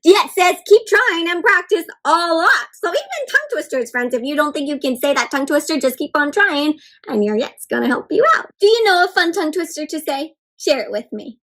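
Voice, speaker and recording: A woman reading a picture book aloud to children, pausing often to encourage them and ask them questions. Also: high-pitched, very animated, a bit bright. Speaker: children's storybook reader. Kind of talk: interactive read-aloud for kids.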